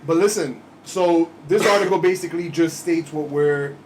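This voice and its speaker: High-voiced mocking New man. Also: normal speed. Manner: mocking, incredulous, animated. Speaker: podcast co-host. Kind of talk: casual profane chat. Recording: faint background noise.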